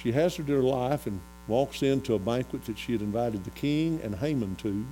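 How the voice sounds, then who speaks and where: A man preaching a folksy sermon, retelling a Bible story and getting louder as he goes. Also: mid-range voice, normal speed, poor audio. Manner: animated, rises to loud excitement when retelling the story. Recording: faint mains hum.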